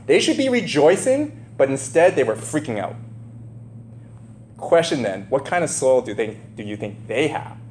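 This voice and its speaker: A man giving a conversational sermon, animated, questioning his listeners and acting out the people in the story. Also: mid-range voice, moderate pace. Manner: animated, asks the listeners questions, acts out quotes. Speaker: preacher. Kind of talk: conversational sermon, Bible teaching. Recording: roomy echo with faint hum.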